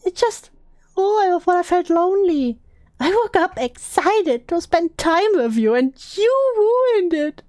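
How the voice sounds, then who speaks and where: A woman's voice: very high-pitched, normal speed, warm tone, no room sound, pitched above the performer's own voice. A woman voicing a clingy, apologetic young man, reading his messages in a mock plaintive whine. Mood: bitter.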